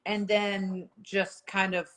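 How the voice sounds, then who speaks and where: A woman's voice: mid-range voice, level tone, takes it slowly, a bit bright. A young woman, a former reality show contestant, chatting casually on a livestream, rambling with lots of fillers and laughing often. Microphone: phone.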